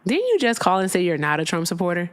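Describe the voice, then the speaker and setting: A woman hosting a live call-in show, talking bluntly and sarcastically and cutting callers off quickly. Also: fairly low pitch, wildly swooping pitch. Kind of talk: casual live-stream chat.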